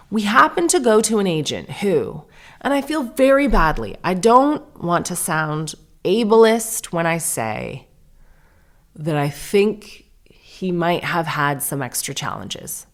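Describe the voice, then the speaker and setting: A woman's voice: on the low side, big pitch swings, slow. A woman podcast host in her thirties, chatty and self-deprecating, telling a long story and acting out the dialogue. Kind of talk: casual storytelling monologue.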